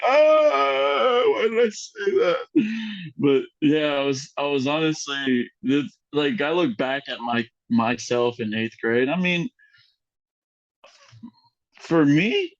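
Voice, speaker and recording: A young man on a podcast telling embarrassing stories in a loose, chatty way, acting out the voices of other people with big jumps in pitch and filling his talk with "like" and "you know". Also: no echo, lo-fi sound. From Mexican heritage. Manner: animated, acts out quotes with big voice jumps, lots of fillers. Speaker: podcast guest. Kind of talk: casual storytelling chat.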